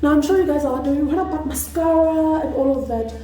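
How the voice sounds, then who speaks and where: A South African woman doing a put-on Nigerian accent, chatting excitedly and laughing at herself through a makeup tutorial. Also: sits high, fast. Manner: chatty, excitable, self-deprecating. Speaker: beauty vlogger. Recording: echoey room with faint music.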